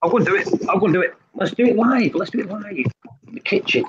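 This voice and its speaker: This reef-keeping show host speaks fast in a high voice, running a casual live stream where he chats, repeats himself, and explains each step while demonstrating. The live-stream audio is slightly muffled with a faint hiss.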